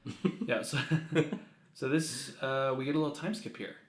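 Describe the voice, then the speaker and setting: A man's voice: mid-range voice, normal speed. Joking male podcast host, roomy sound. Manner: joking, acts out characters' lines while recapping. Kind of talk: casual chat recapping an anime episode. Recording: roomy echoey recording.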